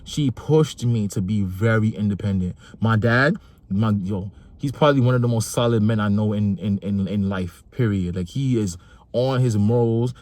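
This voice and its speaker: A man's voice: lowish voice, darkish tone, no echo. A young adult man, delivering a passionate opinion monologue about fatherhood and repeating phrases for emphasis. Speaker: vlogger and father.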